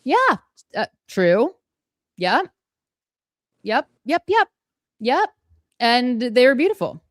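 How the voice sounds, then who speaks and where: A woman's voice: fairly high pitch, very animated, slow pace, no echo, clean studio sound. A woman co-hosting a live fan stream, gushing and chatty, laughing often between points. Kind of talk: casual live-stream chat.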